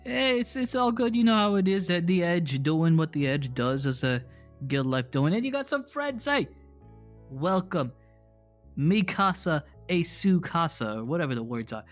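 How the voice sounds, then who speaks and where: A man's voice: a little high, animated, moderate pace, faint music behind, close to an everyday voice. A man doing a brash, overfamiliar Piplup tough guy. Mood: jovial. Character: scrappy male Piplup, Boston-style tough guy.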